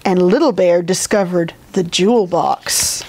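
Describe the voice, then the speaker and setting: A woman librarian reading a picture book aloud in a gentle, expressive storytelling manner. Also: lowish voice, measured pace.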